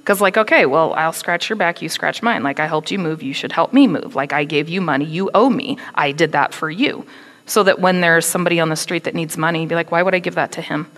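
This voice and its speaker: A woman giving a conversational, animated sermon, acting out quotes with attitude. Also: sits low, a little fast, long reverb tail. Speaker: preacher.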